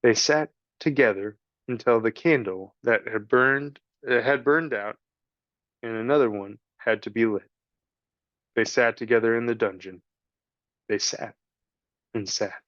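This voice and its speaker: A man narrating a children's storybook in slow, measured tones. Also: mid-range voice, a bit bright, no echo, dull audio. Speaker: audiobook reader.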